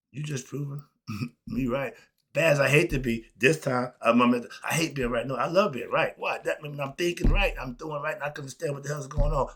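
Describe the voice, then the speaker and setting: A man ranting on his own commentary show, emphatic and animated, asking rhetorical questions and swinging between loud outbursts and low mutters. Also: breathy edge. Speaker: commentary channel host. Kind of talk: unscripted solo rant.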